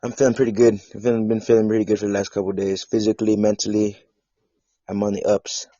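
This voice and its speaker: A man's voice: lowish voice, level tone, fast, dark tone, no echo. A man hosting a casual video chat, playful and teasing his guest, heard over a video call. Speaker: host. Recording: muffled lo-fi audio.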